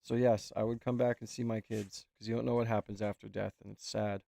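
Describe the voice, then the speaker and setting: A man's voice: on the low side, flat delivery, fairly quick, vocal fry, dark tone. A man streaming a casual reaction chat, rambling and swearing freely.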